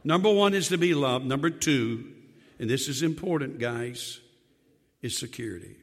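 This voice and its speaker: An older man, a pastor of many years, preaching a sermon that swings from loud emphatic lines to quiet low drops, with joking asides. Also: expressive, normal speed, big-room sound.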